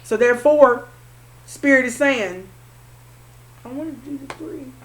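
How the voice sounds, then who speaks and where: A woman's voice: high voice, measured pace. A woman doing a tarot card reading for her viewers, calling the listener honey and repeating her phrases. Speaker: tarot reader.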